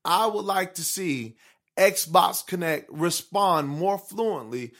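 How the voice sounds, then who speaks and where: A man co-hosting a casual studio chat, joking and animated, sometimes jumping into high mock voices. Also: slow. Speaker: podcast co-host.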